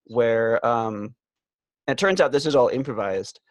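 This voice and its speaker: A man's voice: mid-range voice, measured pace, dry recording. A man co-hosting a casual podcast chat, rambling and hesitant, with lots of "um"s. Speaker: podcast co-host.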